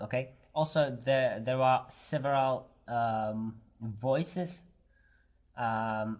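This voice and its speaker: A man who teaches English, explaining a website in a hesitant way with many fillers. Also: mid-range voice. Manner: hesitant, many ums and uhs. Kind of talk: screen-share tutorial.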